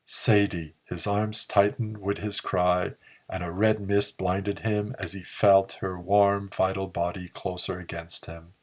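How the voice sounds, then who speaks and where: A man narrating a pulp story in a slow, measured reading. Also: low voice, flat delivery. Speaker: audiobook narrator.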